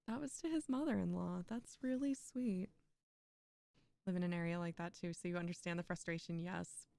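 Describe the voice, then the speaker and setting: A woman's voice: on the low side, moderate pace, gravelly, long pauses, dark tone, no room sound. A young woman streaming a poetry reading, reciting poems aloud and breaking off into chatty asides with frequent laughs.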